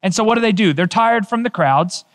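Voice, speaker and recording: A male pastor preaching a sermon, telling a story with emphatic, animated delivery. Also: high-pitched, a little fast.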